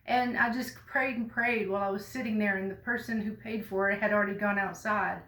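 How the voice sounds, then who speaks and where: A woman, telling a personal story to the camera in a folksy, earnest way with bursts of loud emphasis. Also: mid-range voice, fairly even intonation, brisk, few pauses, reverberant, poor audio. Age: 50s. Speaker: vlogger.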